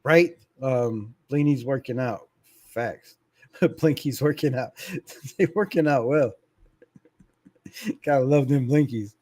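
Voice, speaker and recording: A man's voice: medium pitch, takes it slowly, pauses often, darkish tone, no room sound, clean studio sound. A middle-aged man hosting a sports fan livestream in a casual, laid-back way. He reads viewer comments aloud, laughs often and swears freely. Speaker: fan channel livestream host.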